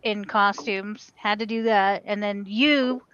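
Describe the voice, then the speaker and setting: A woman's voice: medium pitch, steady tone, slow, fairly bright tone, clear, resonant tone, no echo. A woman co-hosting a podcast in casual chat, chatty and stumbling a little when reading news aloud, on a dry, dull-sounding mic. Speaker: podcast co-host.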